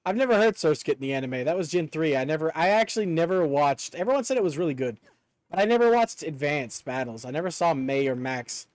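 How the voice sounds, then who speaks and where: A man streaming live in casual chat, excitable, swearing often and breaking into laughter. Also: fairly high pitch, fast, no room sound.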